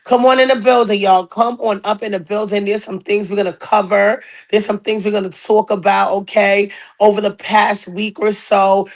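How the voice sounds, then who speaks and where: A woman with a hoarse, raspy voice from a cold, hosting a casual podcast and greeting viewers in a chatty, repetitive way. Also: mid-range voice, level tone, normal speed, few pauses. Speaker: podcast host. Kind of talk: casual live-stream chat.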